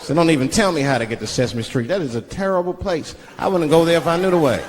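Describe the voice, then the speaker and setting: A male stand-up comedian with a fairly high, very animated voice that swoops up and down as he riffs. His storytelling is loose and profane, and he keeps jumping into character voices. A loud audience laughs and a noisy live room surrounds him. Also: fast talker, crowd noise.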